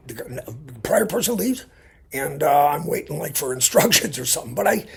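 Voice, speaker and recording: Very raspy, gravelly-voiced man. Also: a little high, very animated, normal speed. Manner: rambling, chatty, frequent asides. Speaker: vlogger. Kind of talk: casual storytelling. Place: Illinois.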